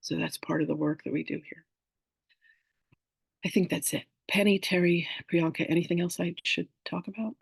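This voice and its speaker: Gravelly man telling lively stories. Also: fairly high pitch, normal speed, no echo, poor audio. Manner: animated storyteller acting out quoted voices. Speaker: spiritual teacher hosting a masterclass. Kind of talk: casual teaching with storytelling.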